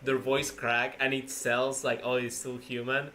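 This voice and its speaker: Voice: medium pitch, level tone, measured pace, bright, forceful tone, a little hiss or hum. A stream host asking questions in loose, informal chat, often laughing. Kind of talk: casual interview chat.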